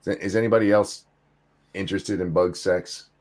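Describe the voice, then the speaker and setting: An older man hosting a casual podcast chat, relaxed and rambling with fillers. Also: deep voice, normal speed. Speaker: host.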